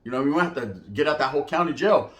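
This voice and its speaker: Slangy guy telling stories, kinda high voice, animated, roomy echo. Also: fast. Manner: streetwise slang, animated, acts out quoted voices. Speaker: podcast host telling prison stories. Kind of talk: casual storytelling monologue. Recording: echoey room.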